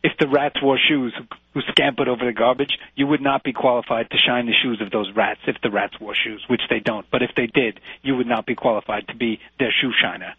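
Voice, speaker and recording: A man's voice: mid-range voice, fairly even intonation, a little fast, breathy edge, dry recording. Brash, insulting man on a tinny line. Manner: brash, insulting, rambling tirades. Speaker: comedian pushing a Brooklyn accent. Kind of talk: improvised comedy sketch. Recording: dry, phone-like lo-fi recording.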